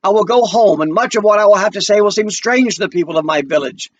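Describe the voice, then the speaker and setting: Man voicing a measured young African philosopher, fairly high voice, dull lo-fi sound. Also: recorded from a distance, a little hiss or hum, natural voice. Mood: resolute.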